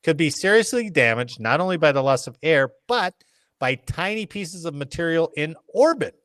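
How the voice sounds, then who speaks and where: A man's voice: a little high, sing-song, a bit bright, dry recording. A male podcast host reads news stories aloud in a casual, conversational way. His voice rises and falls a lot as he talks, and the sound is close and dry. He keeps stopping to crack jokes about what he just read. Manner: reads news aloud with joking asides and quick impressions. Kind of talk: casual chat reading news.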